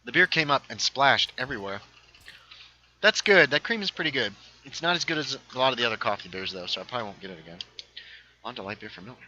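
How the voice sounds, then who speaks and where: Man with a sharp bright voice. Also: mid-range voice, animated, fast talker, muffled recording, a little hiss or hum. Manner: rambling storyteller, reads chat aloud. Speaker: livestreamer. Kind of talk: casual gaming livestream chat. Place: home setup, playing a game.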